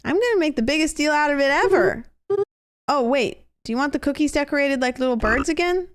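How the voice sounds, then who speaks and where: A woman voicing an excitable partner, eager and gushing about making a big fuss. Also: sits high, brisk, no room sound, studio quality, voice pushed up. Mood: excited.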